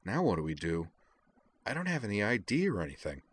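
A man voicing a quick-witted young woman who bluffs her way through questions, reading a story aloud. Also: lowish voice, huge pitch swings, husky, full character voice. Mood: bluffing.

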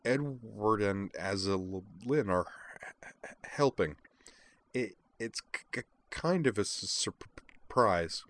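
A man's voice: fairly low pitch, slow pace. A man reading a timid, stammering young woman. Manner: stuttering, apologetic.

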